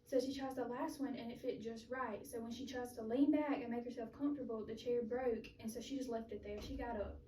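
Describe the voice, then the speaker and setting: A woman's voice: fairly high pitch, fairly even intonation, brisk, few pauses, dark tone. A young woman giving a speech in which she retells a children's story in a chatty, loose way. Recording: roomy, distant mic with faint noise.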